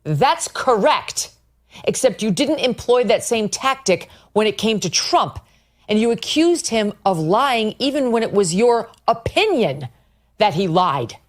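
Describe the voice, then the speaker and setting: A woman's voice: a little high, sing-song, a little slow. Angry woman ranting with profanity. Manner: indignant, profane, sarcastic. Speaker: podcast host. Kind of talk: angry commentary rant.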